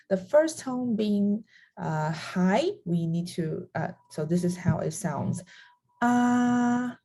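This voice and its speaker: A young adult woman whose first language is Chinese leads a beginner lesson, speaking slowly in a soft, husky voice. She stops to voice each tone aloud as she explains it. Her tone stays low and mellow. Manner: demonstrates tones by voicing sounds, with laughs. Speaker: language teacher.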